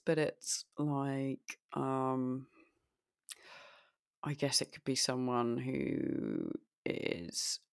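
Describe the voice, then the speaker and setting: A young woman from the southeast of England chats on a podcast in a southern English accent. Her voice sits remarkably low and she takes her time, often trailing into laughter and fillers. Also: no room sound, clean studio sound. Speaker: podcast co-host. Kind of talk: casual chat.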